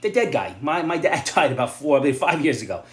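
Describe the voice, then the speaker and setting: A middle-aged man in a blunt, sarcastic opinion monologue, now and then rising to loud outbursts. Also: on the high side, sing-song, brisk, reverberant. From New York area. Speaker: vlogger giving opinions and advice.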